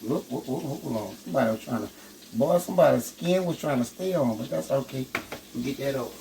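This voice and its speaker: A man with a gravelly, middle-pitched voice runs a casual cooking demonstration, chatting folksily with his viewers as he works. He sounds relaxed and talkative, calling out "boy" often. Food sizzles clearly in the pan behind him in the kitchen. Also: quick pace, slight background noise, rough recording. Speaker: host cooking on camera. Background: sizzling frying food.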